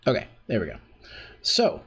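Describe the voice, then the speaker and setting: A man's voice: moderate pace, fairly bright tone. A man hosting a casual voice acting workshop on a stream, talking in a rambling way with lots of fillers and restarts. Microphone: desk streaming mic.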